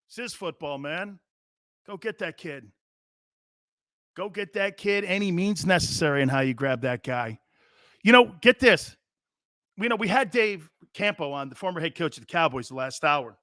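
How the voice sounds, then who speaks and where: A male sports talk host with a high, bright, forceful voice, recorded close and dry. He talks in an animated, joking way, laughs often and does quick impressions of other people. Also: no room sound.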